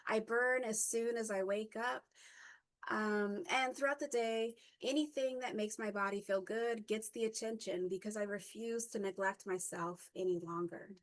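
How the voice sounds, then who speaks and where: A woman in her fifties shares a personal reflective story at a mid-range pitch. She moves haltingly, with many fillers and restarts, and now and then a stutter catches on a word. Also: steady tone, low-quality recording. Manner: halting, with frequent fillers and self-corrections; occasional stutter. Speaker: workshop speaker.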